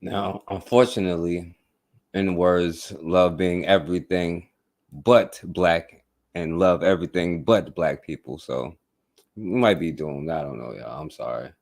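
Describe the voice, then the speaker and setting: A male talk radio host speaking casually, laid-back and loose, with many fillers as he gives shout-outs. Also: sits low, measured pace.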